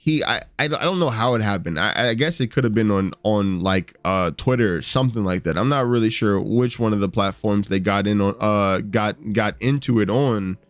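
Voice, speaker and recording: A man's voice: lowish voice, normal speed, few pauses, no echo, soft background music. A man giving rambling, profane casual commentary, full of fillers and restarts. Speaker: podcast host.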